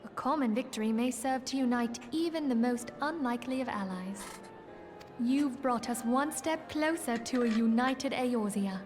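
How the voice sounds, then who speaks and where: A woman's voice: fairly high pitch, moderate pace, darkish tone, close to an everyday voice. An actress playing a courteous, composed noblewoman in a video game, speaking formally. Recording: game audio over music.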